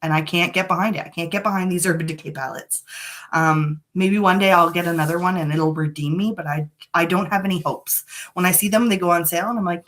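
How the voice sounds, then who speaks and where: A woman's voice: fairly low pitch, fairly even intonation, fast talker, fairly bright tone. A woman chatting frankly and a little dramatically through a live makeup tutorial from her home. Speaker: beauty vlogger. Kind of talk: casual live makeup chat. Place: home room.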